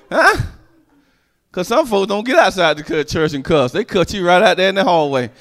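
A man preaches with a fairly high voice that leaps up and down. He tells stories in a call-and-response manner and keeps drawing the congregation in with quick checks. His delivery swings from low asides to loud, climbing peaks. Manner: animated, call-and-response, storytelling. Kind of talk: sermon.

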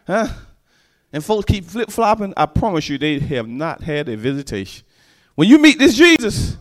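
A man's voice: on the high side, normal speed. A man preaching a sermon, telling stories and checking in with the congregation in a call-and-response manner. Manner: animated, call-and-response, storytelling.

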